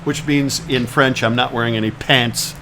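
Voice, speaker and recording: A man's voice: mid-range voice, fairly even intonation, normal speed, background noise. A man co-hosting a casual live trivia stream, teasing and reeling off viewers' answers. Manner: jokey and teasing, rattling off names. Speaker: co-host of a live-streamed travel trivia show. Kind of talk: casual banter while reading viewer answers.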